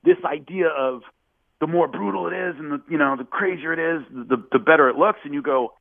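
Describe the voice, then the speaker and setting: A man speaking a little fast with vocal fry tells a casual story as a podcast guest, animated and acting out quotes with a raised pitch. The sound is phone-like and narrow-band, with no room sound.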